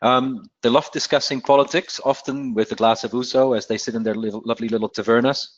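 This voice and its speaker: A man presenting a slide talk about travel to an audience, conversational and often pausing with fillers. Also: mid-range voice, steady tone. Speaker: cruise line presenter. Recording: dry, dull lo-fi sound.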